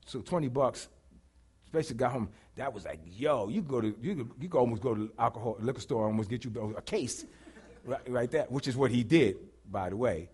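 A middle-aged man preaching a sermon, telling a story dramatically and swinging from hushed to shouting. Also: mid-range voice, lively intonation, brisk, breathy edge.

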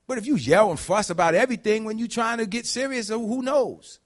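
A man preaching a conversational sermon, dropping to low murmurs and climbing to high shouts. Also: a little fast, hardly any pauses. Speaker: pastor.

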